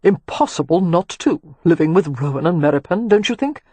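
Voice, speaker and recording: Narrator playing a self-assured, teasing young nobleman in an audiobook; husky, dry. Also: mid-range voice, expressive, moderate pace, a little mellow, no room sound. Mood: wry. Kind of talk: audiobook character reading.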